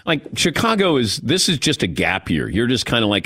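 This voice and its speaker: Male sports radio host, lively swinging delivery, chatty. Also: fairly low pitch, moderate pace, hardly any pauses, breathy edge, dry recording. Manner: animated, mimics players with mock voices. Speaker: sports talk show host.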